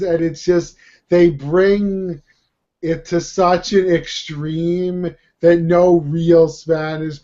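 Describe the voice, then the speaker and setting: A Brooklyn man with a New York accent tells stories in an easygoing, drawn-out way. His voice is fairly high for a man, and he laughs easily. The recording sounds dull and lo-fi. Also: mellow. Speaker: podcast co-host. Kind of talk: casual chat.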